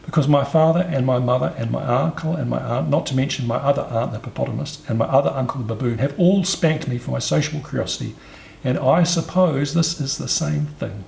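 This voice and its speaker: A man's voice: mid-range voice, fairly quick, vocal fry, a little mellow, a little hiss or hum, voice pushed up. A man voicing a polite, curious young elephant calf who pleads earnestly. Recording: roomy echo, faint ambience.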